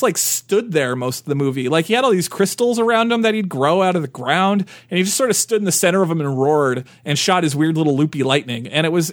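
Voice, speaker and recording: Rambling, excitable man chatting, dry sound. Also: high-pitched, dry recording. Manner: rambling, animated, many restarts and fillers. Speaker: podcast co-host. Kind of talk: casual chat.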